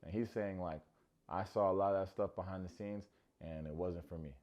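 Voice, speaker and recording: Speaking at a normal pace in a low voice, this reviewer jokes his way through a recap of a reality dating show. He's animated and keeps imitating what the cast members said.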